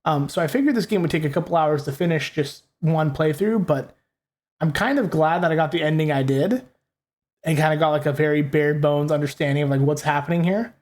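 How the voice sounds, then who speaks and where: A man's voice: on the high side, fairly quick, darkish tone. Rambling young man playing a game. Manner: casual, rambling, swears freely. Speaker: gaming host. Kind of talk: let's play commentary.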